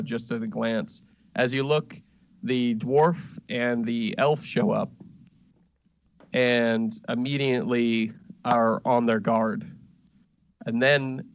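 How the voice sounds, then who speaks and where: Slow, halting male game master. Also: medium pitch, vocal fry, highs cut off. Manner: halting, with many fillers. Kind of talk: narrating a tabletop game.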